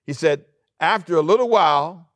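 Animated preacher man, dry close sound. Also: fairly high pitch, moderate pace, no echo. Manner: animated preaching, acts out quoted lines, chuckles often. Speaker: pastor. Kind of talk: sermon.

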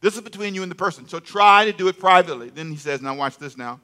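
A man's voice: high voice, expressive, fast, sharp tone, smooth. An older man preaching a sermon in a conversational way, repeating phrases and getting the congregation to answer him aloud.

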